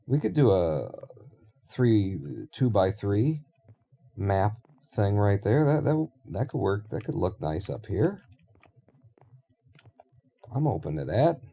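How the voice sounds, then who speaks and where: A man's voice: fairly low pitch, big pitch swings, slow, vocal fry, long pauses, mellow. A man streaming a building game, rambling and thinking aloud in casual talk with offhand swearing.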